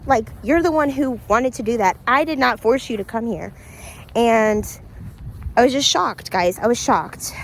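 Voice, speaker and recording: A woman's voice: a little high, slight background noise. A woman vlogger telling a story to camera in a casual, chatty way, speaking straight to her viewers and laughing often. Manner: laughs often between lines.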